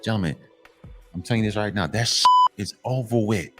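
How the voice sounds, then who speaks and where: A man's voice: fairly low pitch, fairly quick, loud music behind the voice. A man hosting his own commentary channel, giving a blunt, profane monologue to men and repeating his points for emphasis. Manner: emphatic and repetitive, lecturing.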